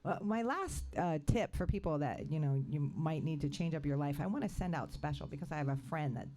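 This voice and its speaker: A woman's voice: low-pitched, a little fast, mellow. A woman co-hosting a casual positivity podcast, chatty and upbeat, laughing often. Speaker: podcast co-host. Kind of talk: casual chat.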